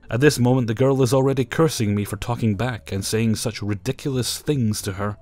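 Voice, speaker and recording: A man at a middling pitch retells his stories in a wry, matter-of-fact voice. Faint background music runs under his narration. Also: steady tone, brisk, hardly any pauses, a little mellow. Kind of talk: storytelling narration.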